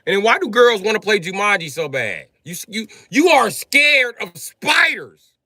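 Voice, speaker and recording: A man ranting on a comedic live stream, loud, profane and animated, often breaking into shouts. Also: sits high, moderate pace, no room sound.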